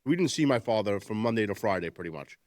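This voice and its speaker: Fast, rambling male co-host. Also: on the low side, dry recording, clean studio sound. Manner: rambling, animated anecdotes. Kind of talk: casual podcast chat.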